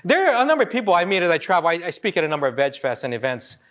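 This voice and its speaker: Animated, high-voiced motivational speaker man. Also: racing. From Hawaii. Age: 40s. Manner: animated, joking, acts out quotes. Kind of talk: live motivational talk.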